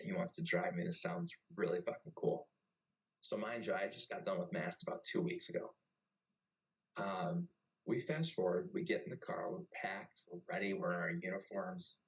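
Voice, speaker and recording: A young navy veteran tells a story loosely and casually. His voice sits on the low side, and he swears freely and keeps things animated. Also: creaky, poor audio. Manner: profane and animated. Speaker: podcast host and navy veteran.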